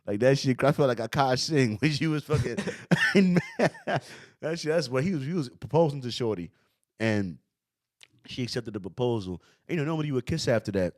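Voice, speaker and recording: A man reacting to a clip, laughing often and talking in loud, slangy disbelief. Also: mid-range voice, lively intonation, brisk. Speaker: streamer reacting to a video. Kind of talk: casual reaction commentary.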